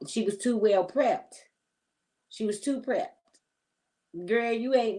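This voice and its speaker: A woman's voice: on the high side, a little slow, darkish tone, rough recording. A woman hosting a casual commentary vlog, talking straight to her viewers in a chatty, opinionated, slangy way. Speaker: host.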